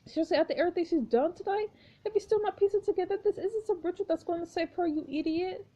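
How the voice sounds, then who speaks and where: A woman voicing a sharp-tongued, angry young woman in a story game, firing off fast, biting retorts. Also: very high-pitched, pitched above the performer's own voice.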